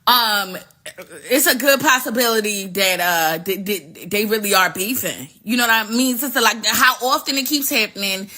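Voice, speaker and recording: A woman hosting a talk show, giving sassy, profane, animated commentary on world news in a casual street style. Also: medium pitch, normal speed. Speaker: host.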